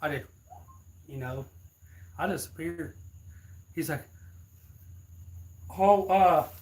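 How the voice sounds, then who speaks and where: A man's voice: fairly high pitch, fairly even intonation, a little slow, fairly bright tone. A man, telling a rambling, laughing story casually to his viewers. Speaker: streamer.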